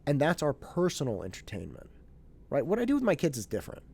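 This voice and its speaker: An animated man in his thirties telling a story in a casual monologue, with a mellow, relaxed tone. His voice rises and falls widely as he acts out bits of dialogue and repeats himself on the way to his point. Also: on the high side, fast, gravelly, breathy edge. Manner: animated, acts out family dialogue, restarts and fillers. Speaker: podcast host.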